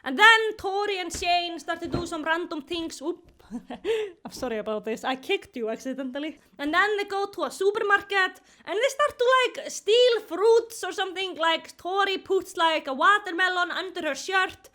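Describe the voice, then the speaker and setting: A woman with a very high voice riffs through a movie's scenes in casual commentary. She sounds bright and crisp, retelling everything with giggly, exaggerated disbelief. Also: normal speed. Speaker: commentary youtuber.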